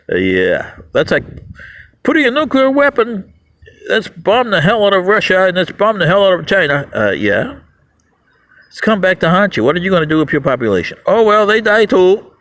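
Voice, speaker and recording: A man's voice: fairly bright tone, rough recording. A man hosting his own channel, delivering a mocking, ranting monologue and laughing at his audience. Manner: mocking, laughs at the audience, swings pitch widely. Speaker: YouTube channel host.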